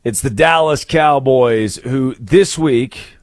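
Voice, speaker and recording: A man's voice: medium pitch, takes it slowly, no room sound, clean studio sound. A man hosting a sports talk show, chatty and steering the segment, tossing questions to his co-host. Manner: chatty, leads the segment, quotes people in a mock voice.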